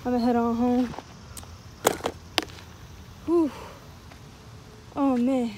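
A tired woman with a cracking voice, rambling excitedly in a casual outdoor fishing vlog by a pond, recorded on a handheld camera. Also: fairly high pitch, drawn-out words, a little hiss or hum, rough recording. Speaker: fishing vlogger. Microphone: handheld phone or action camera.

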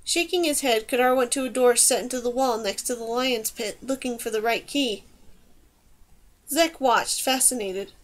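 A woman narrating an audiobook in a measured, even reading. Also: on the high side.

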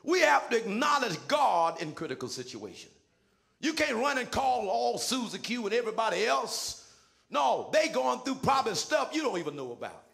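A senior pastor preaches a sermon in a very high, gravelly voice that swoops up and down. His tone is bright and tense, and at normal speed he shouts his lines in a sing-song preaching cadence full of folksy everyday phrasing.

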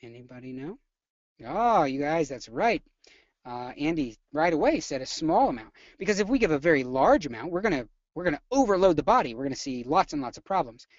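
Animated pitch, energetic chatty instructor, quizzes the audience, dull lo-fi dry sound. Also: fairly quick, no room sound. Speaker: nursing instructor. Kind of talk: live webinar lecture.

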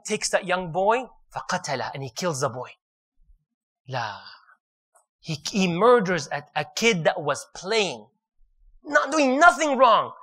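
Bright, animated male preacher. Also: high voice. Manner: animated, jokes and laughs with audience. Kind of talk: sermon storytelling.

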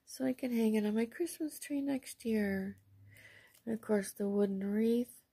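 A woman chatting casually at home as she shows off craft mail and bargain finds, gushing softly and sometimes dropping to a near whisper. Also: on the high side, unhurried, husky. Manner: soft, gushing, often drops to a near whisper. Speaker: craft vlogger showing received mail and shopping finds. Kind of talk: casual show-and-tell chat.

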